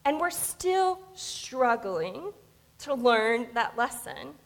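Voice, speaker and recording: A woman's voice: a little high, sing-song, extremely slow, vocal fry. A woman pastor with a Southern American accent, giving a conversational sermon with informal storytelling and asides. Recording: long reverb of a church hall.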